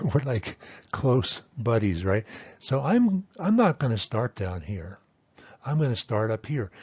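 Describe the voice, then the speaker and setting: A man's voice: mid-range voice, darkish tone, husky, dull audio. A man teaching a language lesson, patiently explaining and sounding out example words one by one. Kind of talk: explaining pronunciation at a whiteboard.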